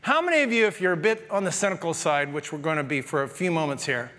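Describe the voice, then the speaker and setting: A man with a high, light voice gives an animated, conversational sermon, joking and talking straight to his congregation. His voice rings through a church hall with a long tail of reverb. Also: fast talker. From Canada. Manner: animated, conversational preaching with jokes and asides to the congregation. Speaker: pastor. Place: church sanctuary.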